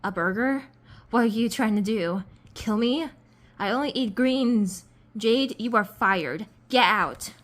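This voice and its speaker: A woman's voice: takes it slowly, a bit bright. A woman voicing a haughty female fashion editor who shrieks in outrage. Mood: furious. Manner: shrill, furious, overdramatic.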